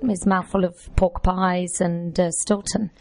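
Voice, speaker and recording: A woman's voice: lowish voice, flat delivery, unhurried, darkish tone. A woman hosting a radio show in casual chat, retelling prank stories in a chatty way.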